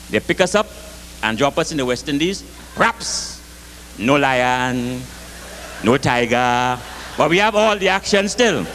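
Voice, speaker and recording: Male storyteller, animated rhythmic delivery, high-pitched, light noise floor. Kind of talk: live comic storytelling.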